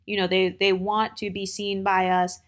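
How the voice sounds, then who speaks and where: A woman's voice: medium pitch, little pitch movement, normal speed. An American woman hosting her channel, giving dating advice in a blunt, opinionated, chatty monologue full of fillers. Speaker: channel host.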